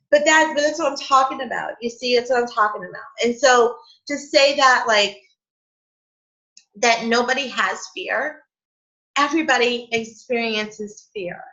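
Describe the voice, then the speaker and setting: A woman hosts a casual spiritual chat for a live group. Her voice is bright and fairly high, and she talks with raw feeling, often on the edge of tears. The audio is dull and lo-fi, like a web stream. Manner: emotional, laughs and near tears, many "like" fillers. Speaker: host of a spiritual coffee chat.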